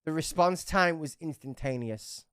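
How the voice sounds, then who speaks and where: A woman's voice: low-pitched, unhurried, fairly bright tone, clear, resonant tone, no room sound, clean studio sound. A woman running a tabletop game livestream, chatty and swearing freely as she narrates. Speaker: game master.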